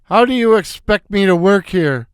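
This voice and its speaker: A man voicing a gruff, bossy slapstick bully who barks out insulting wisecracks in a read-aloud story. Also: high voice, lively intonation, normal speed, no echo, clean studio sound. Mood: barking.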